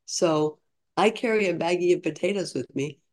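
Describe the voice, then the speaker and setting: Speaking at a normal speed, she has a lowish, slightly mellow voice. She's a woman in her sixties telling her story on a podcast, casual and interview-style, chatty and earnest and prone to restarts.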